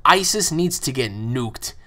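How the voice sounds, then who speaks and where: A man's voice: medium pitch, animated, unhurried, bright, forceful tone. A man hosting his own channel, answering fan questions in a rambling, profane monologue full of repeated words. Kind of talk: casual opinionated monologue.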